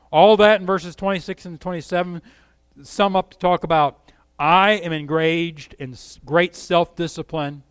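A man's voice: on the high side, steady tone, measured pace, clear, resonant tone, no room sound. Middle-aged male pastor, fervent pulpit delivery, resonant tone, close dry sound. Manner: impassioned, rising and falling emphasis; asks the congregation direct questions. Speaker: preacher. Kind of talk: sermon.

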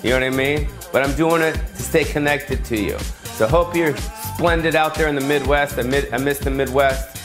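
A man's voice: medium pitch, normal speed, music in the background. A man doing a comedic, profane rant straight to his viewers, rambling from point to point with jokey asides. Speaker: comedian hosting a weekly rant show.

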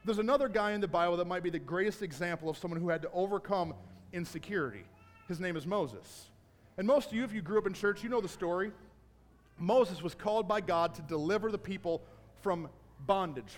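Really high-pitched guy preaching a sermon, gets loud and shouty, long echo in the church. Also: brisk. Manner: builds from storytelling to shouted exhortation. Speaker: pastor. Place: church sanctuary. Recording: long hall reverb. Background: congregation.

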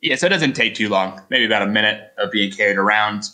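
Man, game master, lowish bright voice, casual and loose with fillers. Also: fast. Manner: relaxed, casual describing with fillers. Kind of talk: narrating a tabletop game.

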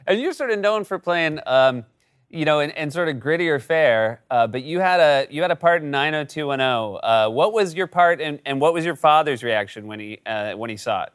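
A man's voice: fairly high pitch, lively intonation, normal speed, fairly bright tone, clean tone. A man from New Hampshire hosting a talk show, asking questions with little fillers and frequent laughs. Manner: laughs often, asks with fillers.

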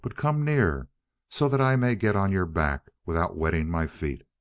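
A man's voice: sits low, sing-song, moderate pace, no echo, clean studio sound. A man reading a sly storybook fox. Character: sly cunning male fox.

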